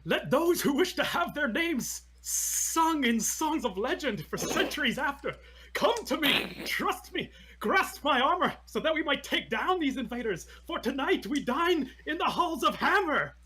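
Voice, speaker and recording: Man doing a fierce paladin's battle cry, high-pitched, loud and slow. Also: sing-song, slight background noise, heavily acted. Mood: rousing. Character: bold paladin man rallying dwarves, fierce.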